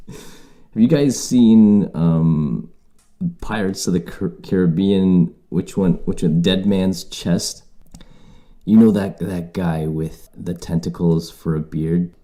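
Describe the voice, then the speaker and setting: A man's voice: low-pitched, takes it slowly, warm tone. A Canadian man hosting a casual solo podcast, rambling and swearing freely as he restarts his thoughts. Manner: rambling, profane, self-correcting. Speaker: podcast host.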